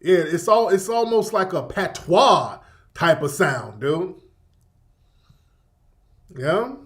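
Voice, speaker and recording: A man's voice: high voice, expressive, takes it slowly, a bit bright. A man hosting a radio show in casual livestream commentary, rambling and profane, repeating himself and reacting to chat.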